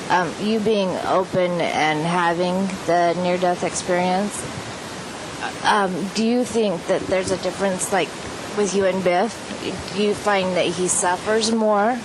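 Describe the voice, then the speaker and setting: A woman putting a question to the speaker, hesitant and full of fillers. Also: fairly low pitch. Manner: slow, hesitant, with many fillers. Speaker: interviewer asking a question. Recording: hissy, noisy recording.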